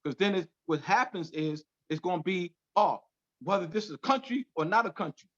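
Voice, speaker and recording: High-voiced man lecturing over a dull call. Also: lively intonation, brisk, fairly bright tone. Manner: emphatic, repeats key phrases. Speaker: class instructor. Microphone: video call.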